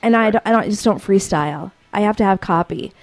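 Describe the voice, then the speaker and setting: A woman's voice: mid-range voice, quick pace, vocal fry, no echo. Bubbly woman radio host, dry sound. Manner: bubbly, laughing often. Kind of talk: casual radio interview.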